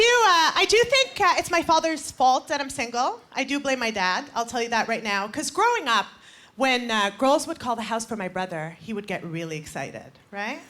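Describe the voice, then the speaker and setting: A woman in her twenties performing stand-up comedy with punchy, playful crowd work on a live stage. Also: a little high. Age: 20s. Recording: live stage mic over loud crowd noise.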